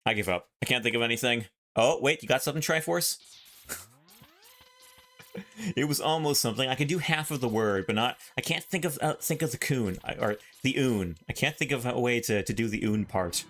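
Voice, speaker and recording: Game music plays behind a male let's play host who chats to himself about his own gameplay in a playful way, hunting for puns. He has a medium-pitched, fairly bright voice, animated and slightly fast.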